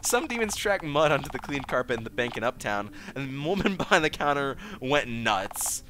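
A man's voice: mid-range voice, sing-song, normal speed, noisy background, lightly acted. A man voicing a seedy, broke male phone-sex talker in a drawling, world-weary way. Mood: gossiping.

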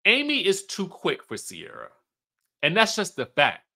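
A man giving a casual, animated recap of a reality TV episode and acting out the cast's lines as he goes. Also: high voice, a little slow, vocal fry. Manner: chatty and animated, acts out cast members' lines.

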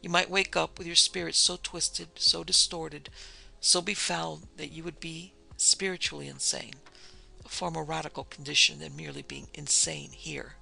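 A man voicing a composed psychic doctor who talks softly and steadily. The voice is slightly high, very bright and gravelly. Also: faint music behind, full character voice, rough recording. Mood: gentle. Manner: calm, gentle, measured.

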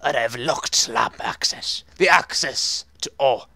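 A man putting on a slow, formal voice for a stern male official reading out a warning note. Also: mid-range voice, gravelly, sharp tone, no room sound, full character voice.

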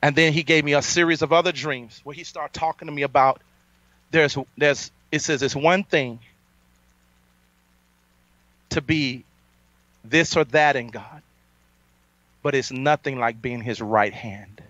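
A man preaching a fiery sermon, boastful and defiant, his voice climbing to loud peaks. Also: fairly high pitch, normal speed, dry recording. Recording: dull lo-fi sound, dry.

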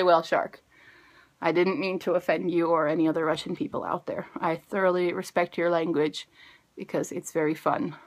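A woman's voice: lowish voice, a bit bright. A woman in her twenties talking casually in a video diary, bubbly, rambling and self-mocking. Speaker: vlogger.

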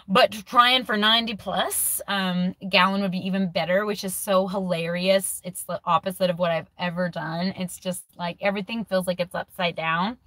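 A woman's voice: mid-range voice, bright, forceful tone, no echo. Candid woman in her forties, dry sound. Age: 40s. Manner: candid and emotional, thinking aloud with restarts. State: close to tears. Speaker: vlogger. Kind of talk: personal video diary.

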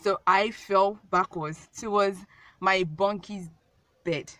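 A woman's voice: mid-range voice, fairly even intonation, takes it slowly, sharp tone, no room sound. A young woman telling a casual storytime vlog, rambling and repeating herself with many fillers. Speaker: vlogger.

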